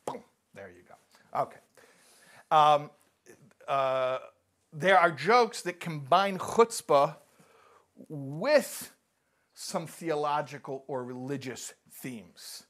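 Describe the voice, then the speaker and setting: A man's voice: a little high, takes it slowly, long pauses. A man giving a live talk, telling jokes and acting out the characters, often restarting and repeating words. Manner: animated joke-telling, acts out characters.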